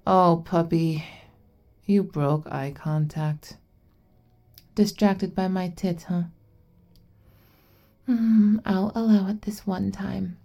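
A domineering older-sister figure voiced by a woman in an adult audio role-play. She speaks slowly and teasingly, with a gravelly, fry-edged tone. Her manner is commanding and breathy. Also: on the low side, dark tone, exaggerated voice. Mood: soft, whispery.

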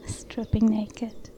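A young adult woman narrating a whispered role-play, breathy and soft, with frequent small laughs. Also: a little high.

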